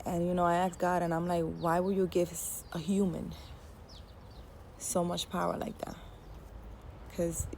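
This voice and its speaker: A woman's voice: lowish voice, mellow, slight background noise. A woman casually telling a personal story to camera, chatty and candid, laughing at herself now and then. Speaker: spiritual storyteller.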